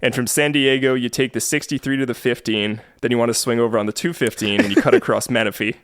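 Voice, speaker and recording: A man's voice: medium pitch, steady tone, fast talker, fairly bright tone, no room sound, clean studio sound. A man hosting a podcast, casually telling a travel story and laughing often. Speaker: podcast host. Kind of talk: casual chat.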